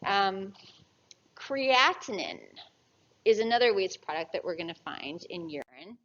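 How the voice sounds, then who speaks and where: Woman anatomy lecturer, mid-pitched, lively, question-and-answer style, muffled lo-fi classroom recording. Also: unhurried.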